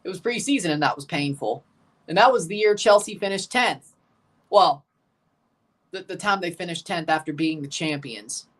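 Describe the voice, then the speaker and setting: His voice sits high and a bit bright, moving at a moderate pace. As a streamer watching football live, he offers casual, chatty commentary on the play and viewer questions, getting jittery as the match closes.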